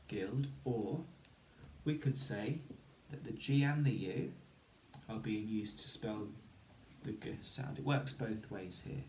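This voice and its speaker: In a slow, low, darkish voice, a male primary school teacher mentions his hay fever while teaching phonics to children, counting to three and sounding out each letter in turn. The sound is reverberant, with a little background noise.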